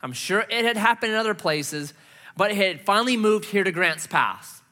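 Animated bright-voiced middle-aged male pastor. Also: sits high, moderate pace. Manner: animated, self-mocking, acts out his own reactions. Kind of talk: sermon with personal storytelling. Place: church stage.

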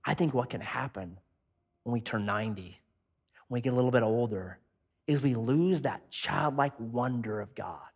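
A male pastor preaching a sermon in an animated, joking, conversational way. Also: medium pitch, moderate pace, husky.

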